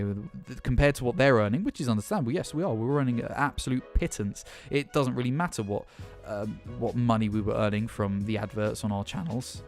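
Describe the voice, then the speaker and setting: A man's voice: medium pitch, fast talker, hardly any pauses, a little mellow, faint music behind. A man delivering an angry, impassioned vlog rant as a gaming YouTuber, sarcastic and swearing often. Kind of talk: ranting vlog commentary.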